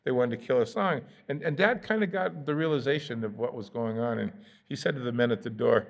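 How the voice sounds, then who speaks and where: Gravelly-voiced American pastor teaching scripture. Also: male voice, mid-range voice, fairly quick. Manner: conversational, with fillers and playful asides acting out the characters. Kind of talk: Bible study teaching. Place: church sanctuary.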